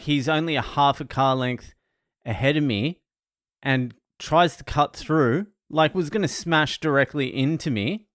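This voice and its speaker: A man tells his day in a casual vlog, swearing freely and laughing at his own anger. His voice is smooth and clear, recorded close and dry with no room around it. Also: medium pitch, a bit bright, no room sound. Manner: sweary, ranting, laughs at himself. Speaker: comedian and first aid trainer.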